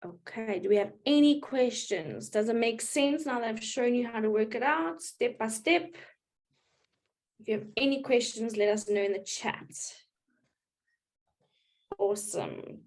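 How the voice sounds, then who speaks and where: A woman's voice: on the high side, lively intonation, measured pace, darkish tone. A woman teaching a live online maths class, explaining patiently step by step and checking in with her students. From South Africa.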